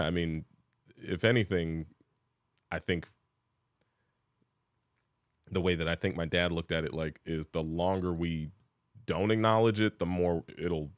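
A man co-hosting a relaxed chat podcast, with a very low voice. He talks in a measured, reflective way, working through his thoughts as he goes. The recording is dry and close. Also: no room sound. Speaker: podcast co-host. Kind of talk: casual chat.

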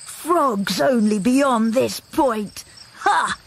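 A man narrating a storybook while voicing an excited young boy bear in a high, clear, eager voice. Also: extremely slow, full character voice. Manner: high, breathless, excited calling.

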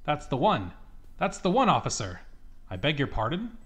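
A man's voice: a little high, huge pitch swings, normal speed, fairly bright tone. A man voicing an angry old woman in a video game who rants and accuses everyone. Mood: indignant. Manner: indignant ranting.

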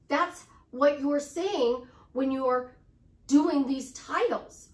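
A woman's voice: sits high, slow pace, darkish tone. A middle-aged woman life coach chatting to camera in an upbeat way, repeating affirmations with chatty asides. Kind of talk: casual motivational talk to camera. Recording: roomy sound, distant from the mic.

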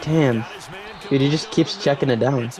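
A young man giving live commentary on his own football video game, cheering loudly on big plays and grumbling when things go wrong. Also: mid-range voice, moderate pace, crowd noise. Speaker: gaming YouTuber.

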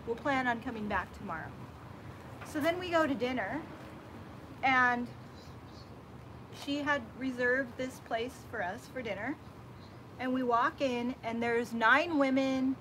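A woman hosting a casual chat, telling a story in an animated way and acting out what people said. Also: sits high, rough recording. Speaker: host. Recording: background noise from a nearby worker.

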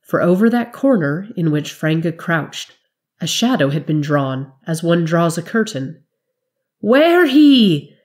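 A woman narrating a fantasy story in a measured, dramatic storytelling manner. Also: deep voice, darkish tone. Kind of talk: scripted fiction narration.

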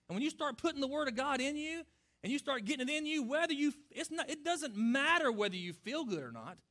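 A man's voice: very high-pitched, expressive, quick pace, pushed and bright. A middle-aged male pastor giving a sermon that answers questions from listeners, talking earnestly and conversationally and asking the congregation direct questions.

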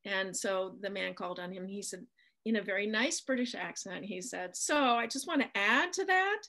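A middle-aged author from the American Midwest is a guest in a casual interview, telling a long anecdote with lots of ums. Her medium-pitched voice is creaky and a bit bright.

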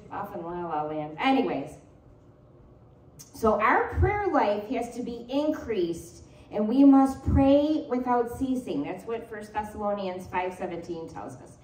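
A woman's voice: medium pitch, moderate pace. A middle-aged woman pastor preaching a sermon, telling playful stories with laughter. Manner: animated, playful storytelling with laughter. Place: church sanctuary. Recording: roomy church echo, distant mic.

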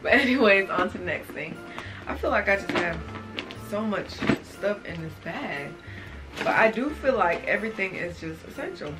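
A woman's voice: medium pitch, lively intonation, normal speed. Young woman talking to her camera about her bag stuff, chatty, says y'all a lot, faint music behind. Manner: chatty, addresses viewers as y'all. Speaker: beauty vlogger. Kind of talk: casual show-and-tell vlog.

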